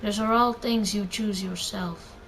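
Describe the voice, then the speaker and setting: Teen girl slowly rambling game tips, lots of uhs and restarts, faint hiss and keyboard clacks behind. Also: mid-range voice, fairly even intonation, a bit bright, rough recording. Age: teen, under eighteen. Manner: rambling, many fillers and self-corrections. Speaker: gamer giving tips. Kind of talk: casual gameplay commentary.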